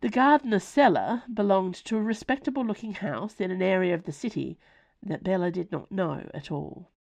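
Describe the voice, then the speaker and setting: A woman reading her own novella aloud in expressive, lively scripted narration. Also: mid-range voice, moderate pace, vocal fry.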